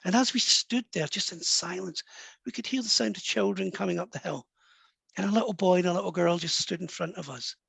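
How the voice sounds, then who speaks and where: A Scottish man, a medium and author, telling a personal story softly and warmly in an interview. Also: sits high, fairly quick, gravelly, slightly rough, no room sound. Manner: soft, warm and anecdotal, drops to a hush at moving moments.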